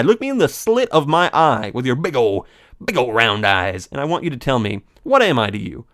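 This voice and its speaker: Male let's play host, theatrical rambler, very animated delivery. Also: medium pitch, fast, dry recording, studio quality. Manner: theatrical, rambling, mock-dramatic.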